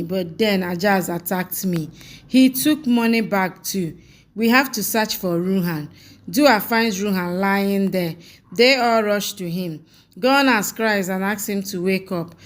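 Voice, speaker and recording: A woman narrating a soap opera episode recap, reading characters' lines in a flat, even way. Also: medium pitch. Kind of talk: scripted plot recap narration.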